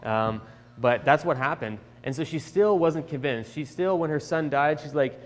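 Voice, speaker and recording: A young man telling a children's Bible lesson in a chatty, animated way, with restarts, in an echoey church hall. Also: fairly high pitch, moderate pace. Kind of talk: casual Bible storytelling for children. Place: church sanctuary.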